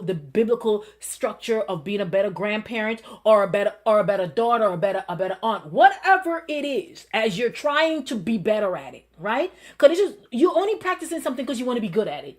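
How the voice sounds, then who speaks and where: A middle-aged woman pastor preaching in a conversational style, repeating phrases, asking the listeners questions and dropping to a quiet murmur when she repeats her calming self-talk. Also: medium pitch. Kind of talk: sermon.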